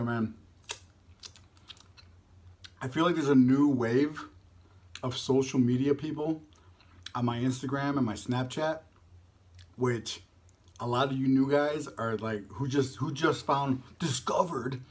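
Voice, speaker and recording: A young man hosting a mukbang video, chatting casually while he eats and a little out of breath, rambling and dropping into soft mumbled asides. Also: medium pitch, steady tone, unhurried, long pauses. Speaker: mukbang vlogger. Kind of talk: casual chat while eating on camera.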